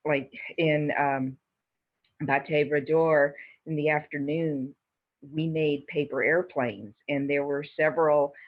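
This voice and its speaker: A mission team member answering an interview question hesitantly, with many pauses and ums. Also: medium pitch. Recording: tinny phone-like sound.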